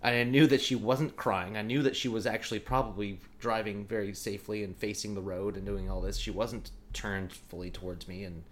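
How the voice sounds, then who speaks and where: A man's voice: on the low side, fairly even intonation, brisk, hardly any pauses. A middle-aged man telling a long personal story in casual talk, full of "like" and restarts. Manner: rambling, lots of "like". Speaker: guest. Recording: faint background noise.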